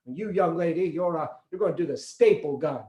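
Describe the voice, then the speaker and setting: A man's voice: on the high side, brisk, warm tone, roomy sound, natural voice. A man voicing a brash male producer who hands out jobs with lots of hesitant fillers. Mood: bossy. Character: brash male producer, a scheming urban cowboy.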